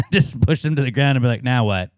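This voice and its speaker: A man's voice: mid-range voice, quick pace, no echo, clean studio sound. A man in his thirties, co-hosting a podcast, who tells rambling, profane stories full of filler words in casual chat. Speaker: podcast co-host.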